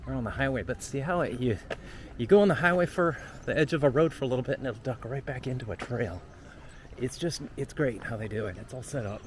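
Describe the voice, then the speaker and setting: A man's voice: mid-range voice, fast, a little hiss or hum. A man vlogging outdoors while on a long walk, talking candidly and emotionally in a rambling way into a handheld phone. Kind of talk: casual travel vlog talk. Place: outdoors on a walking trail.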